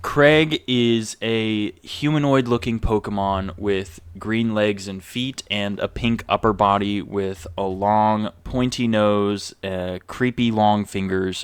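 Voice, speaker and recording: Male game master, slow easy narration, crisp clear voice, dry close sound. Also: fairly low pitch, steady tone, no echo. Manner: casual, swears, laughs at own jokes.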